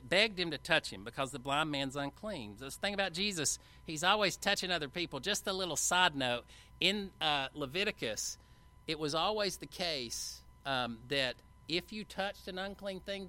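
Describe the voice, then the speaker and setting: Bright-voiced male preacher. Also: fairly high pitch. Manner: animated Bible storytelling, acting out quoted lines; conversational asides with fillers. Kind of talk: sermon.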